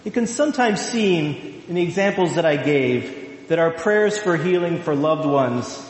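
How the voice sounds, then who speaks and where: A male pastor giving a sermon, slow and emphatic, with drawn-out phrases. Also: fairly high pitch, expressive. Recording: echoey hall.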